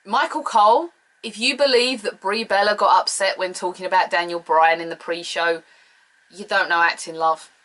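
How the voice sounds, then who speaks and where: Bright-voiced, blunt British woman. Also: lowish voice, fairly even intonation, moderate pace, rough recording. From United Kingdom. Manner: blunt, sarcastic and opinionated. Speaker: show reviewer. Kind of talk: casual solo review.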